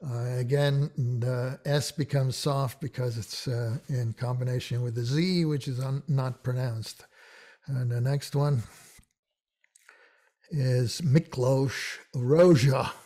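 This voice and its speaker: A man giving an informal pronunciation lesson, talking in a halting way with many fillers and restarts. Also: mid-range voice, steady tone, dark tone. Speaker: teacher.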